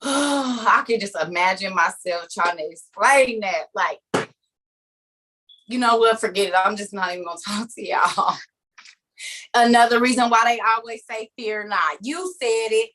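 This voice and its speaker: A woman preaches over a video call in a high, bright voice. She tells her story dramatically and acts out each scene. She talks straight to her listeners, pressing her points with repeated words and frequent laughs. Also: unhurried, long pauses, a little hiss or hum. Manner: emphatic and repetitive, addressing listeners directly. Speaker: speaker leading an online group meeting. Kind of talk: animated, conversational preaching.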